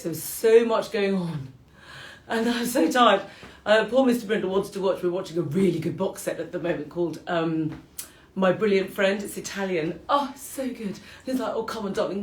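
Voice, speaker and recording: A woman's voice: medium pitch, reverberant. A British woman hosting a live-streamed morning qigong class at home, chatting casually and self-deprecatingly, often breaking into laughter. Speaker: qigong teacher and show host. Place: home room, with dogs around.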